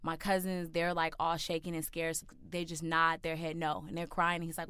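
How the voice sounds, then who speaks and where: Smooth, low-pitched woman telling a story. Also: a little fast, hardly any pauses, no echo. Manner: animated, acts out quoted voices. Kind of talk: personal storytelling to an audience.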